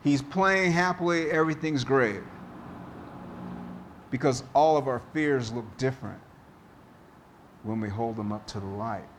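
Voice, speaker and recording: A man preaching a sermon as pastor, slow and deliberate, telling a story to make his point. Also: medium pitch, slight background noise.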